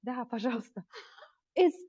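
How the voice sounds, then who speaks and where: A woman's voice: on the high side, lively intonation, normal speed, mellow, slightly rough, no echo, highs cut off. Awestruck woman guide. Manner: effusive, breathless with wonder. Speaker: tour guide. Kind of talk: live tour vlog. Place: inside a church. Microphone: handheld phone.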